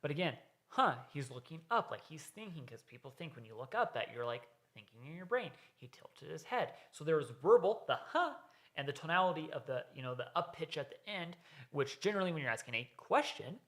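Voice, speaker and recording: A man's voice: a little high, lively intonation, a little fast, a bit bright. Casual man explaining sales tonality. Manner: explains sales tips with many "right?" asides. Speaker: host reacting to a sales video. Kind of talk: casual commentary.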